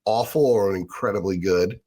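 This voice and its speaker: Husky middle-aged man, wry and grumbling. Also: low-pitched, moderate pace, dark tone. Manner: wry, nostalgic, grumbling humor. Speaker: sports reporter and co-host. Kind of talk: casual podcast chat.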